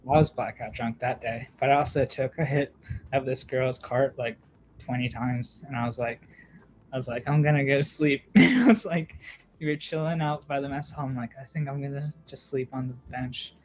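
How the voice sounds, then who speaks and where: A man's voice: medium pitch, normal speed, faint music behind, low-quality recording. A young man, a podcast co-host, telling a long story in casual chat, with lots of fillers, "like" and laughter. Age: young adult.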